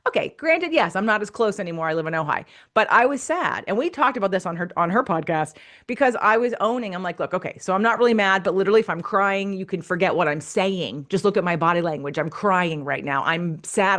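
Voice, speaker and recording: A middle-aged woman hosting a podcast, coaching listeners in an animated, emphatic way, repeating phrases for emphasis. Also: on the low side. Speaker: podcast host and business coach. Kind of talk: casual coaching talk.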